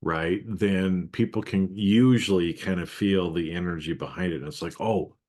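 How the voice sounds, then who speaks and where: A man with a notably deep, low-pitched voice co-hosts a casual podcast. He thinks out loud in short, halting phrases with a reflective tone. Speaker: podcast co-host.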